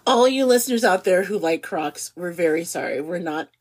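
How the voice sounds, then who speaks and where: A woman in her forties co-hosting a podcast in casual chat, animated and giggly, laughing often, with no regional accent. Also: fairly low pitch, moderate pace. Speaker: podcast co-host.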